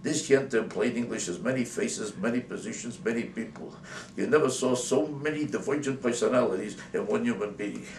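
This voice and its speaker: A man's voice: mid-range voice, a little mellow. A male comedian delivering an indignant, sarcastic comic rant to camera. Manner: indignant, rapid-fire, sarcastic. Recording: roomy, distant mic, faint hiss.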